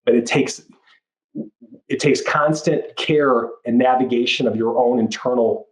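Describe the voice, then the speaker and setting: Male life coach, mid-pitched, earnest and reflective, restarts phrases as he thinks aloud. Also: fairly even intonation, unhurried, low-quality recording. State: moved, near tears. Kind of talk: podcast interview.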